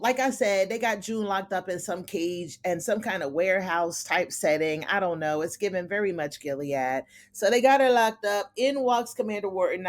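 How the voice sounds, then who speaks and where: Woman, TV recap host, chatty, animated, middle pitch, casual. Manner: chatty, animated, calls viewers honey.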